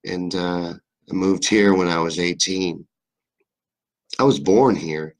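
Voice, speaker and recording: A young livestream host from Kentucky, USA, with a faint Southern accent, talks slowly in a low voice. He rambles loosely through viewer comments in a casual live-stream chat, joking and swearing freely.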